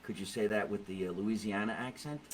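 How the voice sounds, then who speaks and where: A middle-aged man hosting a comedy podcast, telling stories in a jokey, animated way with quoted voices. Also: on the low side, a little fast, low-quality recording. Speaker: podcast host. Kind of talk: comedic casual chat. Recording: faint background noise.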